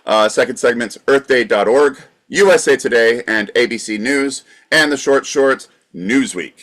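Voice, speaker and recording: A man co-hosting a podcast, calmly wrapping up segments and reading out sources. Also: mid-range voice, normal speed. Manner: dry, wraps up segments. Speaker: podcast co-host. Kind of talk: casual podcast banter.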